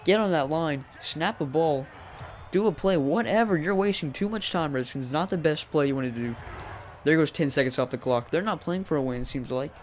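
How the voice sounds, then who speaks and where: A young man with a slightly high voice calls a football video game play by play, chatting at the teams on screen as if they could hear him. His voice jumps up when a play surprises him. A faint hiss of noise sits under the recording. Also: animated, moderate pace. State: voice cracking. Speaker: gaming commentator.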